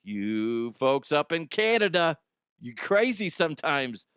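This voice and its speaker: Middle-aged male host for comedy news riffs, animated, crude and jokey, slightly raised pitch, dry close mic. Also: slow pace, smooth, dry recording. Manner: animated, jokey, swears freely.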